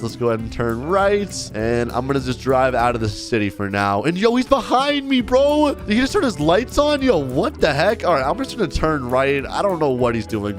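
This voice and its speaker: Young man, gaming vlog host, excitable role-play commentary, slangy, lively swings, faint music behind. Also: medium pitch. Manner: animated, exclaiming, slangy.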